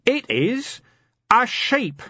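A man voicing a delirious, battered male watchman who wails his lines in a husky, childlike sing-song, slightly muffled. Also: high voice, wildly swooping pitch, unhurried, a bit bright, dry recording, pitched above the performer's own voice, full character voice. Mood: deranged wailing. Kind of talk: audiobook character voice.

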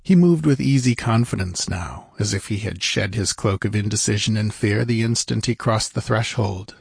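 A man reading an adventure novel aloud as audiobook narrator, measured and even. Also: fairly low pitch, gravelly, breathy edge, no room sound, studio quality. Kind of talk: scripted narration.

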